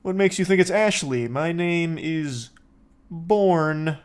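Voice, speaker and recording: A man's voice: on the high side, takes it slowly, clean tone. A man putting on the voice of a drunk woman who indignantly insists she is sober. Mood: feigning calm. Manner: indignant, mock-defensive.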